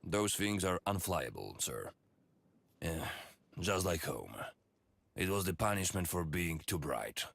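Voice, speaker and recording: A gruff, blunt wartime airman. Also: sits low, very animated, measured pace, long pauses, fairly bright tone, dry recording, full character voice. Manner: blunt, matter-of-fact. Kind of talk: video game voice acting.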